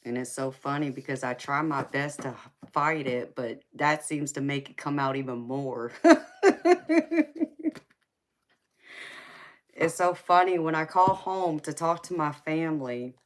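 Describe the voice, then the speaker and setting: This woman has a low voice and a heavy Southern accent from Georgia, though she's listed as being from California. She chats casually and laughs often while hosting a late-night live stream.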